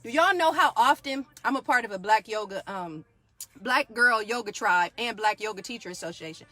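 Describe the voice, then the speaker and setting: Woman, 40s, yoga teacher, bright preachy motivational energy. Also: a little high, animated, normal speed, no room sound. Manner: fired-up, preachy, keeps asking "do y'all hear me". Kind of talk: motivational live talk.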